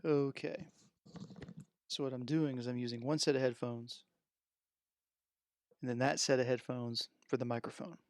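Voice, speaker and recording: Man, gravelly, mid-pitched, rambling unscripted stream talk into a headset mic, dry close sound. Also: steady tone, normal speed, long pauses, darkish tone, dry recording. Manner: rambling, thinking aloud while handling gear. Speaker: streamer unboxing music gear. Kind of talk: unscripted live stream chat. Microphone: headset microphone.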